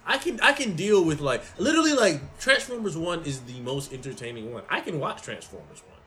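A man's voice: fairly high pitch, big pitch swings, fairly quick, sharp tone, poor audio. A young man co-hosting a stream, chatting casually in a slangy, profane way. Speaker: stream co-host. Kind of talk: casual chat.

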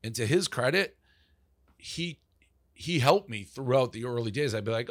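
A man's voice: mid-range voice, normal speed, no room sound, clean studio sound. A man, telling stories as an interview guest in a loose, profane way, acting out what people said to him. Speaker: interview guest, media founder. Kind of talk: casual interview storytelling.

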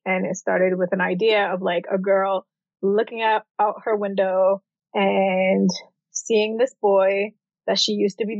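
A woman's voice: medium pitch, no room sound. A young adult woman, an author, telling her story casually in an interview, with lots of "like" fillers. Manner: chatty, heavy use of "like". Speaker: author guest. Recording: dull, dry audio.

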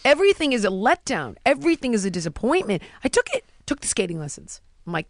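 A woman's voice: a little high, sing-song, fast talker, hardly any pauses, no room sound, studio quality. A woman, telling stories in a casual chat and mimicking the voices of other people.

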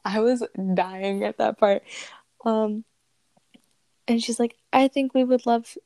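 Creaky young woman telling a story. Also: a little high, slow pace, dark tone, no echo. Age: young adult. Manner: profane, amused, reads texts aloud. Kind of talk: casual storytelling, reading out a chat.

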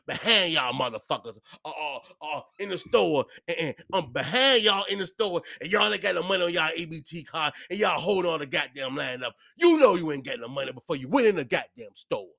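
Animated, bright-voiced man ranting hotly. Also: on the high side, fairly quick, vocal fry, hardly any pauses, no echo, clean studio sound. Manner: profane, heated ranting that swings from loud outbursts to mumbled asides. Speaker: podcast host. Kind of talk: comedic solo rant.

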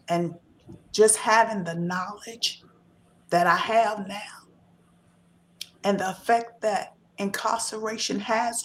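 A woman's voice: a little high, slight background noise. A woman talking earnestly and emphatically in a casual discussion, giving encouraging advice. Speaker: author and guest.

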